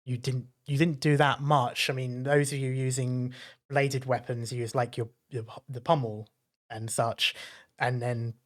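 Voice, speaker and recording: A man at a mid pitch narrates a tabletop game as its dungeon master. He fills his descriptions with small pauses and fillers and keeps an easy, unhurried pace. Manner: descriptive, relaxed, many fillers.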